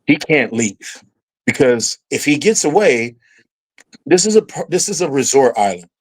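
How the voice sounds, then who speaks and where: Speaking at a measured pace, a middle-aged podcast guest shares a long story from his life with plenty of energy, his mid-range voice going up when he imitates who he used to be. The recording is of poor quality.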